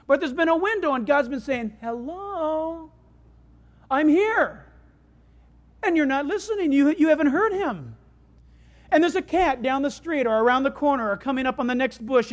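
A preacher working through a sermon with everyday stories. The delivery is conversational and animated, rising to loud bursts and dropping low and quiet. The pitch sits in the middle. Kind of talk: sermon with storytelling.

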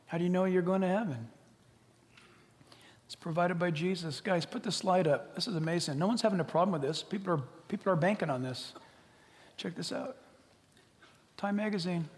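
A man's voice: sits high, brisk, big-room sound. A male pastor preaching a sermon animatedly, acting out imagined conversations and dropping to whispers. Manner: animated, acts out both sides of imagined dialogues, drops to whispers.

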